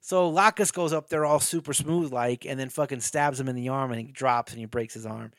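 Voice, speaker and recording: A man's voice: mid-range voice, a little fast, no echo, studio quality. A man casually retelling a movie plot, swearing often and acting out the characters' lines. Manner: profane, rambling, acts out characters' lines. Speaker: podcast co-host. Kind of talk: casual chat recapping a movie.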